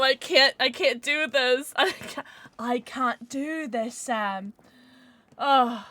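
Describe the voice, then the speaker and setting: A woman streamer chatting casually while playing chess, excitable and giggly, with squeals and hushed mutters. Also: high voice, slow, no room sound.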